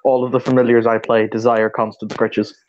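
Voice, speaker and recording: Male game master, middle pitch, dry teasing; dull lo-fi mic with faint hiss. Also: little pitch movement, fairly quick. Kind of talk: narrating a tabletop game.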